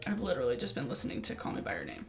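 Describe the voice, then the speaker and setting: Young woman, chatty vlogger, rambling and prone to excited bursts, camera mic at home with faint music behind. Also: sits low, quick pace. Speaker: beauty vlogger. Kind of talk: casual get-ready-with-me chat. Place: her room at home.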